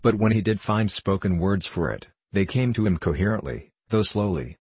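Husky male audiobook narrator, measured and solemn, dry close read. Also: low-pitched, animated, darkish tone, no echo. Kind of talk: scripted narration.

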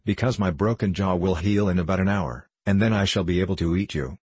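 A man voicing a husky, grumbling rock monster. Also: low voice, fairly quick, a little mellow, no room sound. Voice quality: harsh, husky, talking through clenched teeth. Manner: reproachful, bad-tempered, polite menace. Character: huge grumpy flying rock monster, male.

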